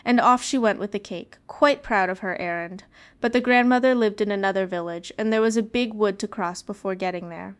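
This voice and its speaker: A woman's voice: mid-range voice, fairly quick, clear, resonant tone. Woman reading a fairy tale aloud. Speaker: narrator. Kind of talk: storybook reading.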